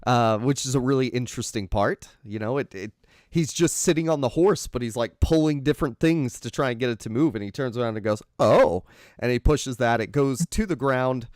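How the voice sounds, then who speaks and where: A man's voice: medium pitch, fairly quick, a little mellow, no echo, studio quality. A man co-hosting a casual film chat, meandering and thinking aloud as he retells a story. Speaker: podcast co-host. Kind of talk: casual chat about films.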